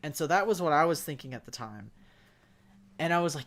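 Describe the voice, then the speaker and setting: A young podcast co-host talks about the fandom in a casual discussion, excitable and rambling, packed with fillers and sudden bursts of enthusiasm. His voice is a little high and fairly quick.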